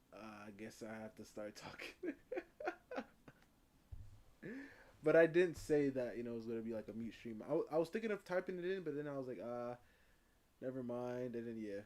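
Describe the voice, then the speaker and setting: Loud rambling streamer guy, off-mic. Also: medium pitch. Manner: rambling, full of fillers and self-quotes. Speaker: live streamer reacting to a video. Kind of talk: casual rambling chat.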